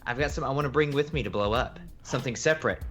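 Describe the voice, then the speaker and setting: A man's voice: mid-range voice, quick pace, fairly bright tone, soft background music. A man co-hosting a casual live-stream chat, easygoing and chatty. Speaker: co-host.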